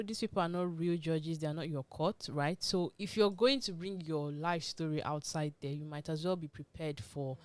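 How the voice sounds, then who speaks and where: A woman with a low voice hosts a radio talk show. Her delivery is conversational and opinionated, with emphatic asides. The sound is dry and close, with no room around it. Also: no room sound. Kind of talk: casual panel discussion. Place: radio studio.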